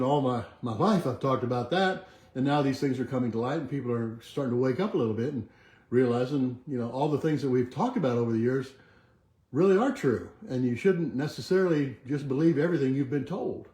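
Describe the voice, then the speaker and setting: Older male motivational speaker, mellow voice, slow soft affirmations that trail off, roomy home recording. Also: mid-range voice. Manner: repeats affirmations slowly and softly, trailing off quieter. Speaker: chiropractor leading a weekly motivational march. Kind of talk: motivational self-help talk with affirmations. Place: home kitchen with a bay window.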